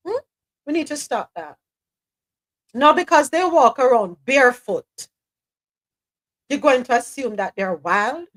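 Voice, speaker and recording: This Jamaican woman speaks in a high voice over a low-quality recording. Hosting a live talk show, she delivers casual commentary with animation and emphasis, now and then dropping into patois.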